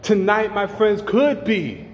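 A man preaching a fiery sermon, impassioned and building to shouted, sung cries. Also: high-pitched, lively intonation, slow, slight background noise. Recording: roomy hall reverb, faint ambience.

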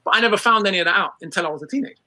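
A young adult British man from England, giving a talk to an audience about race and class in an emphatic, quick manner with frequent restarts. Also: high voice, bright, forceful tone, dry recording, poor audio. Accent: British English. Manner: fast, emphatic, many restarts.

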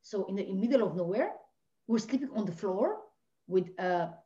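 Woman, very animated pitch, passionate personal storytelling, guest on a talk show. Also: normal speed. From Lebanon. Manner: passionate, swinging from hushed to near-shouting. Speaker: podcast guest, life coach. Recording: dull lo-fi audio.

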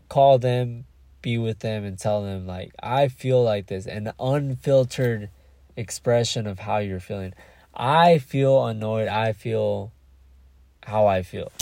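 A young man talks through a casual solo podcast in a low voice with a gravelly, fry-laden edge. His tone is dark and mellow, and the close mic is dry. He rambles, stops to search for words and swears freely. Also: dry recording. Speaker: podcast host.

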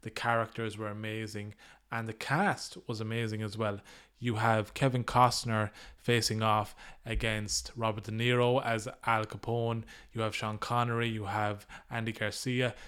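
A man's voice: on the low side, level tone, normal speed, a bit bright, smooth. A man hosting a solo podcast, giving his opinions in an easygoing, conversational way. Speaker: podcast host.

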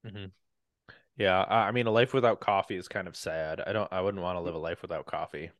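A male podcast host with a low, smooth voice. He talks casually and rambles cheerfully through his sponsor plugs, with a dry, close sound. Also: fairly even intonation, fairly quick, no echo. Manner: rambling, upbeat, filler-heavy.

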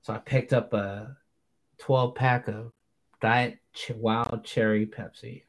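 A man's voice: mid-range voice, level tone, slow. Chatty laughing man on a podcast. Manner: chatty, laughs often, swears casually. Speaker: podcast host. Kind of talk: casual chat.

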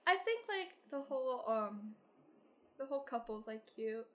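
A young woman chatting casually about books with friends. She talks in loose, filler-heavy runs and laughs often. Her voice sits a little high. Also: lively intonation, normal speed. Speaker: book discussion participant. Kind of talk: casual chat.

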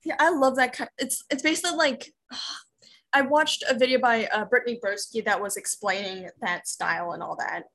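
Young woman, slightly high voice, chatty, quick to laugh, casual podcast guest. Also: fairly bright tone. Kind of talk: casual chat.

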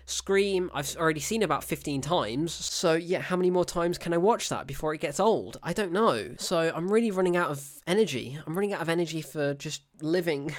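A man's voice: a little high, animated, fairly quick, hardly any pauses. A man hosting his own film review show, ranting in an exasperated, sarcastic way, with heavy sighs, exclamations and bitten-off swearing.

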